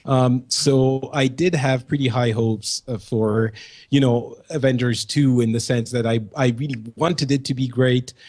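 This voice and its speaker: A man with a light French accent, a native French speaker, co-hosting a podcast with playful deadpan exaggeration. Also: medium pitch, unhurried. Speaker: podcast co-host. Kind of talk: casual podcast chat.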